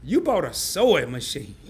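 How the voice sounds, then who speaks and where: A man's voice: on the high side, wildly swooping pitch, unhurried, a little mellow, breathy edge. Chatty man hosting a live stream. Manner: chatty, reads comments aloud. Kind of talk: casual live-stream interview.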